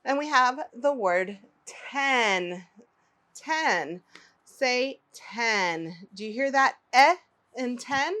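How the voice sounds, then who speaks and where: A woman with a fairly high voice teaching phonics to small children. She speaks slowly and articulates every word with care. She repeats each word and asks the listener to say it with her. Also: animated, fairly bright tone. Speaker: early-learning teacher. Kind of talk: slow, clearly enunciated phonics lesson for young children.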